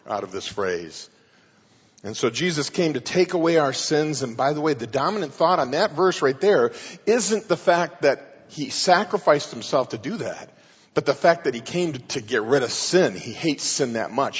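Emphatic pastor in a reverberant hall. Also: male voice, mid-range voice, breathy edge. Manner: emphatic verse-by-verse Bible teaching. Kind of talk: sermon. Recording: muffled sound with long hall reverb.

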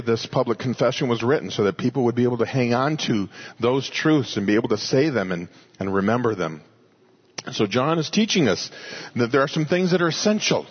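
Husky earnest male preacher. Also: medium pitch, lo-fi sound. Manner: teaching, earnest, rising to emphatic exhortation. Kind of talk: sermon.

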